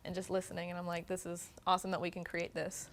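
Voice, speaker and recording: A young woman in her late teens, a high school drumline co-captain, answers interview questions eagerly and quickly, with many ums. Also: completely flat delivery.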